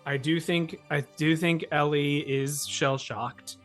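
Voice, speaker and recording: A man playing a tabletop role-playing game, talking haltingly with many restarts. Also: on the high side, steady tone, a bit bright, faint music behind. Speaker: player. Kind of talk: tabletop role-play chat.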